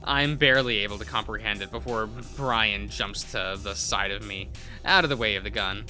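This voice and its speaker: A man's voice: on the low side, normal speed, pushed and bright, faint music behind. A young man streaming, reading a visual novel aloud with many uhs and restarts.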